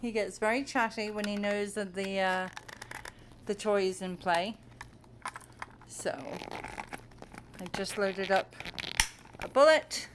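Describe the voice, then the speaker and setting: A woman's voice: mid-range voice, slow pace, long pauses. A young woman chats unhurriedly to the camera at home, her voice sitting in a middle register. She teases and coos at her cat between remarks, playful and affectionate. A faint hiss sits under the recording. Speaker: cat owner filming her pet. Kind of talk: casual chat to camera.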